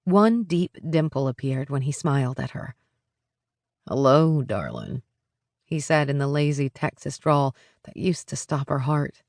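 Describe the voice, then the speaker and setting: A woman's voice: low-pitched, normal speed, darkish tone, no echo. Woman narrating an audiobook, dry.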